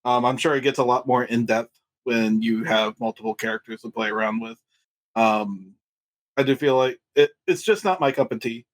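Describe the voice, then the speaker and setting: A man co-hosting a casual gaming podcast, measured and fair, with hesitant restarts. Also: mid-range voice. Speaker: podcast co-host.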